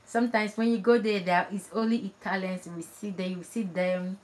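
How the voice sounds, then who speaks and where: A woman from Nigeria with a Nigerian accent, whose first language is Igbo, chatting casually and warmly with live viewers, laughing often and restarting her phrases. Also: medium pitch, steady tone, a little fast. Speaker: vlogger.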